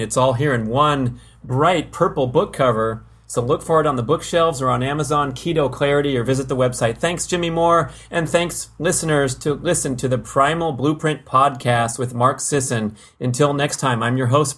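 A man's voice: medium pitch, fairly bright tone. A man hosting a podcast, reading an upbeat outro and promotion. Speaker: podcast host. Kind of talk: scripted outro and promo read.

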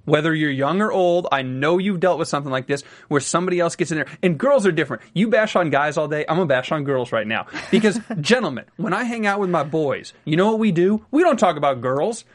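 A young man co-hosting a casual reality-TV recap chat, animated and teasing, often restarting his words. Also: fairly high pitch. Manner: animated, quick to joke and tease, restarts words. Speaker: podcast co-host.

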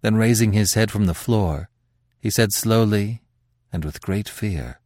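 A man hosting a podcast, narrating a classic tale in a dramatic, expressive reading with swelling emphasis. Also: fairly low pitch, measured pace, dry recording.

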